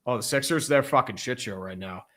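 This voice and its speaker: A man's voice: medium pitch, fairly quick, fairly bright tone. A young man co-hosting a casual sports podcast, reading out viewer comments with crude jokes. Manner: crude, joking, reads out viewer messages.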